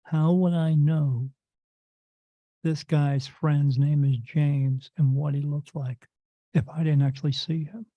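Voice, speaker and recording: Gravelly man telling stories animatedly. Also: a little high, takes it slowly, no room sound, lo-fi sound. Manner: animated storyteller acting out quoted voices. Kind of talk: casual storytelling interview.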